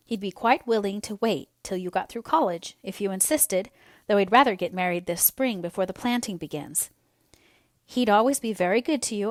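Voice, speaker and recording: A woman voicing a calm, blunt young woman earnestly making a case, in a read-aloud storybook. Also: mid-range voice, no echo, close to an everyday voice. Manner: earnest and steady. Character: solemn, blunt young woman, calmly matter-of-fact.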